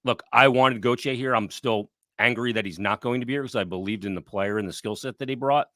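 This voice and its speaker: Blunt, lively man with a bright voice. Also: mid-range voice, brisk, no echo, studio quality. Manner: blunt, profane, animated storyteller. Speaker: podcast co-host. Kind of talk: casual sports talk.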